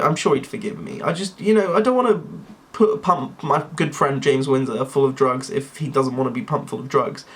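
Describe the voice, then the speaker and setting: A young man talking to camera in a rambling, tangent-prone monologue. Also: a little high. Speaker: YouTuber.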